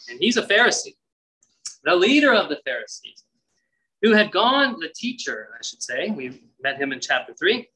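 A man's voice: high voice, sing-song, normal speed, bright, forceful tone, rough recording. A man preaching a sermon, reading scripture and acting out its voices with conversational asides. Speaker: pastor.

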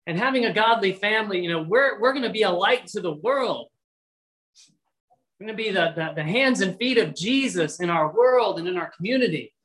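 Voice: medium pitch, fairly bright tone, poor audio. Earnest preacher exhorting a congregation. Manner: earnest, exhorting, reads scripture aloud; casual asides. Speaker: pastor. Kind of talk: sermon.

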